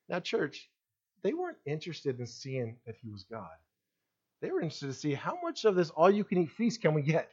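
A man's voice: fairly high pitch, wildly swooping pitch, brisk, darkish tone, breathy edge, highs cut off. A man preaching a sermon as pastor, speaking to his congregation and acting out the voices in the story.

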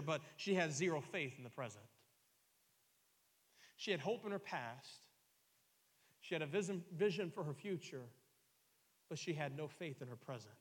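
A man's voice: a little high, in a large hall. Man preaching with rising emphatic fervor. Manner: rising to loud emphatic preaching, repeating key phrases. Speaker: pastor. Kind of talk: sermon.

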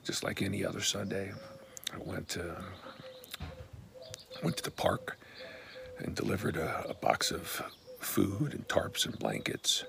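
A pastor telling a personal story in a relaxed, blunt, conversational way. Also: male voice, sits low, unhurried, creaky, long pauses, a little hiss or hum.

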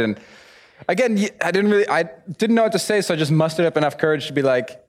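A young man delivers a sermon as a lively story, acting out the other people's voices. His voice sits fairly high. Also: normal speed. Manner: animated storyteller, acts out voices. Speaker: preacher.

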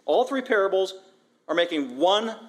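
A man preaching an expository sermon as pastor, emphatic and animated, repeating phrases and asking rhetorical questions. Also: high-pitched, normal speed. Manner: emphatic, animated, with frequent repetition.

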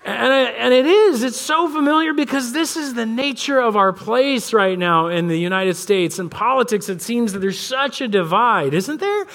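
A man's voice: very high-pitched, moderate pace, creaky, hardly any pauses. A pastor in his thirties giving a sermon in a church, telling stories about his kids in a loose, conversational way. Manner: conversational storytelling, animated voices for his kids. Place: church sanctuary.

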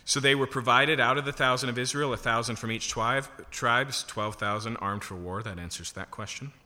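A man's voice: medium pitch, moderate pace, pushed and bright. A man preaching a sermon, teaching in a conversational way and checking in with rhetorical questions. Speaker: pastor. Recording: reverberant hall.

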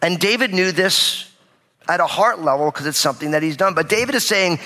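A man's voice: sits high, lively intonation, a little fast, sharp tone. A male pastor giving a sermon to a live audience in a church, retelling scripture in casual, everyday speech. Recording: long reverb of a large hall.

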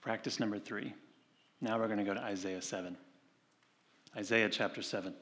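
A male pastor giving a sermon, talking conversationally and slowing down to read scripture. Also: on the low side. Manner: conversational preaching with animated retold stories; slows and softens for scripture reading.

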